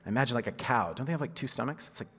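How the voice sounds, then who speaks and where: A male pastor delivers a lively sermon with a slightly husky, breathy voice, jumping from loud emphatic lines to quiet, low asides. His voice rings out with the long reverb of a large hall. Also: rapid-fire. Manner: animated, swings from loud emphasis to hushed asides, laughs at himself.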